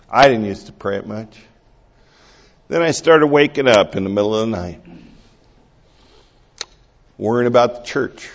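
A middle-aged man preaching a sermon as pastor, swinging between hushed, slow prayer and loud, high, excited exhortation. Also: lo-fi sound.

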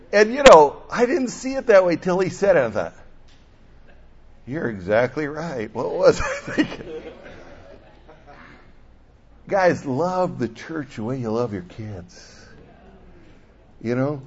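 Older man preaching a lively sermon. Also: on the high side, unhurried, pauses often. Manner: animated, swings from loud to soft. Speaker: pastor. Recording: dull lo-fi sound.

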